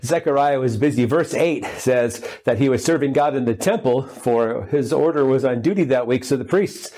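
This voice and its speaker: A male pastor delivers a sermon in a relaxed, conversational way. His voice is mellow and warm, at a middle pitch. He fills his talk with fillers and humorous asides. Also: normal speed.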